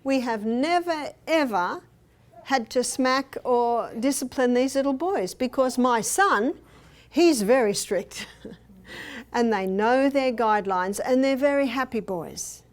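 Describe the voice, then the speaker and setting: In a hotel meeting room, an older woman gives a seminar talk on health, full of her own stories. Her voice is fairly high and animated, her pace slow, and she performs the lines others spoke.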